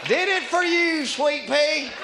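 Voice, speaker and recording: Smug Southern husband, sugary drawl, pleased with himself, a comedian playing him. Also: male voice, very high-pitched, slow, roomy sound, a crowd in the background, noisy background, pitched above the performer's own voice, heavily acted. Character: smug lazy husband bragging about a chore.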